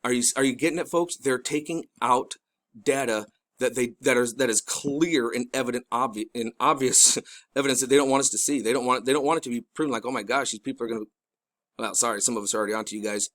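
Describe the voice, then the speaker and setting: A middle-aged man giving casual commentary over a video, urgent and pleading, rambling with many restarts and excited bursts. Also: medium pitch, fast. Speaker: video host.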